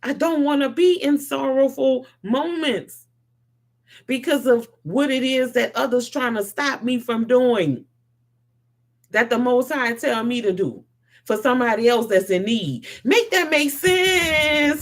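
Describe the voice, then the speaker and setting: A woman speaks her mind on faith to a live audience. She talks like a preacher, rising to loud conviction and dropping to a soft, heavy tone. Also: sits high, measured pace. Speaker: host. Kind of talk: spiritual monologue to a live audience.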